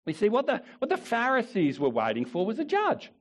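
A male pastor preaching a sermon with emphatic repetition, swinging between rising declarations and quiet asides. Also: high voice, wildly swooping pitch, a little fast. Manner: emphatic preaching, repeats phrases, rises and drops in volume.

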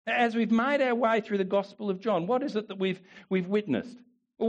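A male pastor preaching a sermon with emphatic repetition, swinging between rising declarations and quiet asides. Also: sits high. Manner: emphatic preaching, repeats phrases, rises and drops in volume.

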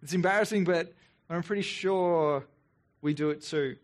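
Earnest male pastor with a high voice. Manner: earnest, reflective, with quick sarcastic asides when voicing the people. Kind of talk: sermon.

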